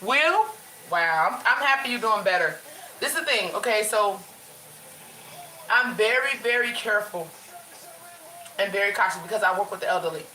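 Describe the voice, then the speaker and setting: A woman's voice: mid-range voice, lively intonation, moderate pace, long pauses, sharp tone, roomy sound, rough recording. Chatty woman vlogging from her bedroom. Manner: chatty, addresses viewers as y'all, lots of restarts. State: runny nose. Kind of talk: casual livestream chat.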